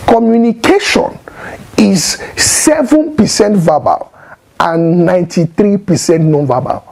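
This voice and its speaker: A man's voice: sits high, creaky, dark tone, slightly rough, low-quality recording. A man giving marriage advice straight to the camera, emphatic, repeating his points and acting out tones of voice. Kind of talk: direct-to-camera advice talk.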